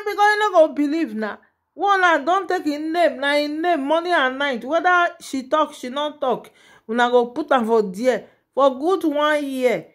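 A woman with a Nigerian Pidgin accent gossips to her viewers in a casual vlog. Her voice sits a little high, and she talks straight to the audience with frequent exclamations. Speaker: gossip vlogger.

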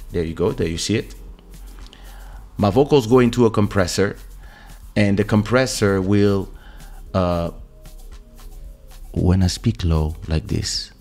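A man hosting a live stream, explaining his audio setup step by step and speaking softly and loudly on purpose to show the effect, into a broadcast microphone. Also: deep voice. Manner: explains step by step, talks loud and soft on purpose. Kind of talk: casual tech demonstration. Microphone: dynamic broadcast microphone.

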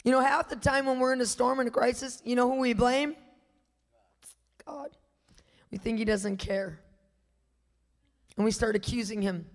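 A woman's voice: fairly high pitch, steady tone, moderate pace. Emphatic woman preaching in an echoey space. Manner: emphatic, rhetorical questions to the audience. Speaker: guest minister teaching. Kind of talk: preaching a sermon.

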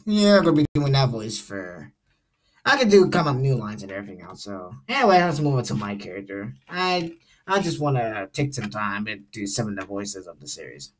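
A man's voice: on the low side, very animated, a little fast. Young male host, rambling casual chat, hesitant, home computer mic. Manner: rambling, hesitant, many restarts. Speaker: channel host.

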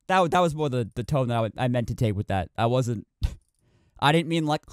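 A man's voice: medium pitch, expressive, fairly quick, pauses often, dry recording, clean studio sound. A man giving casual commentary while streaming a video game, rambling and often restarting his sentences. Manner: rambling, self-correcting with many restarts.

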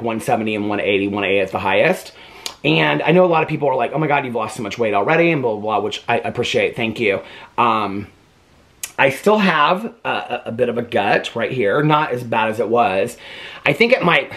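A middle-aged man chats to camera from his bedroom, rambling and cheerfully correcting himself as he goes. His voice swings up and down in a lively way, and he laughs easily between sentences. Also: mid-range voice. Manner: chatty, rambling, self-correcting, laughing often. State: out of breath. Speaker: vlogger. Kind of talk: casual chat to camera. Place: home bedroom.

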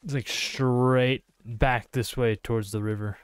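A man's voice: mid-range voice, steady tone, a little slow, clean tone. A male streamer giving casual gameplay commentary, joking and swearing while talking to his chat. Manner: joking and profane, talks to chat.

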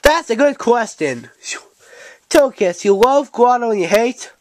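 A woman's voice: fairly high pitch, expressive, unhurried. A woman voicing a brash, impatient cat who hosts a talk show, bossing the guests around in a playful home-made show. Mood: brisk. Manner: bossy, impatient, sarcastic. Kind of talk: playful toy-show role-play. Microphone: handheld camcorder mic.

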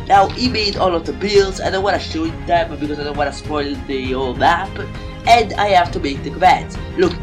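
A man giving rambling, excitable commentary on a game map he is building, a little sick and just woken up. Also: fairly high pitch, normal speed, over music. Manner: rambling, excitable, self-deprecating. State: slightly sick, just woke up. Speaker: Minecraft map-making YouTuber. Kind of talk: casual gameplay commentary.

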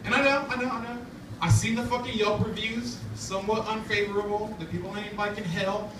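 High-voiced and steady in tone, a man keeps a brisk pace during his open-mic comedy set in a laundromat café venue. He talks loosely, swears, and leans on lots of fillers. Room chatter and laughter from the audience come through a distant, roomy, noisy live recording.

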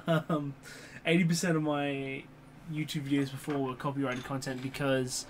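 A man's voice: mid-range voice, flat delivery, moderate pace. Young male vlogger, casual and rambling, swears a lot, fan hum in the room. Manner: swears often, many fillers and restarts. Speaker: YouTuber. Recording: computer fan hum in background.

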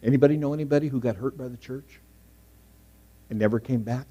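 A middle-aged man preaching a sermon in a church, telling personal stories and swinging between loud emphasis and hushed asides. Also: mid-range voice, fast. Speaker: pastor. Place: church sanctuary.

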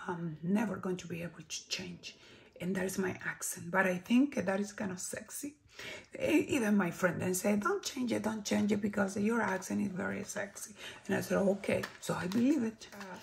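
Chilean woman reviewing makeup, Spanish-accented English, unhurried with a gravelly edge, slips into soft whispers. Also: medium pitch. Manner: slow, lingering, drops to soft whispers when admiring products. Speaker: beauty vlogger. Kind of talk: product review and tutorial.

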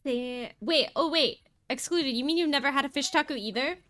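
A woman's voice: high-pitched, a little fast, fairly bright tone, no echo. A woman streamer chatting casually and playfully with friends during a game, giggling and teasing. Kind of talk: casual gaming stream chat.

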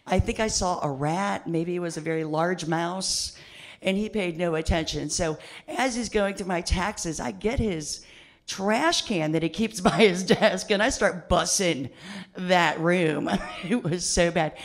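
Woman, comedy show host, chatty, rambling with fillers, small stage. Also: mid-range voice. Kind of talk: stand-up host chat. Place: small arts centre stage.

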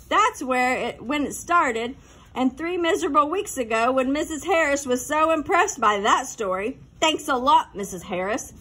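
A woman's voice: high-pitched, animated, unhurried, fairly bright tone. A woman voicing a laid-back, knowing fifth-grade boy who talks in breezy, conspiratorial asides, in a storybook reading. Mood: sarcastic.

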